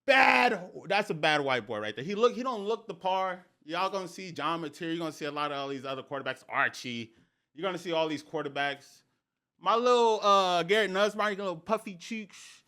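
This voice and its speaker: A young man hosting a sports podcast, talking in an excited, slangy way and repeating phrases for emphasis. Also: sits high, brisk. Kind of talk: excited casual sports talk.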